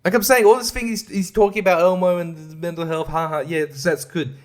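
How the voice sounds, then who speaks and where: A man hosting a solo podcast, ranting with lots of swearing, frequent laughter and hushed asides. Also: fairly high pitch, fairly even intonation, fairly quick. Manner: profane, ranting, laughs often. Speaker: podcast host.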